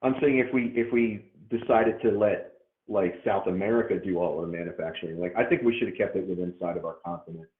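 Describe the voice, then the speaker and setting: A man's voice: low voice, quick pace. Hesitant man on a tinny call. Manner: hesitant, restarts and repeats words. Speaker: caller in a debate. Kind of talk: casual debate. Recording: tinny phone line.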